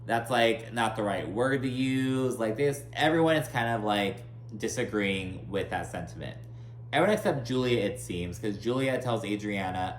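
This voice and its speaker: A man's voice: medium pitch, animated, moderate pace. A man recapping a reality show in a gossipy, sarcastic way, cursing freely and filling his speech with "like.". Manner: gossipy, sarcastic, swears a lot, many "like" fillers. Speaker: recap commentator. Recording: echoey room with faint hum.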